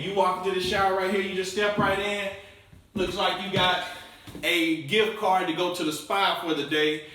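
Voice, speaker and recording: A man hosting a walkthrough home tour, pitching each room to viewers with salesman enthusiasm. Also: sharp tone, distant mic, slight background noise. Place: inside a show home, bare rooms. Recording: very echoey room, voice from off the mic.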